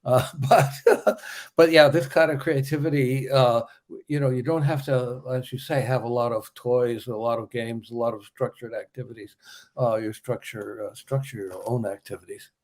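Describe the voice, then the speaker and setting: An older man interviewing a guest in a relaxed, conversational way, with filler pauses. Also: medium pitch.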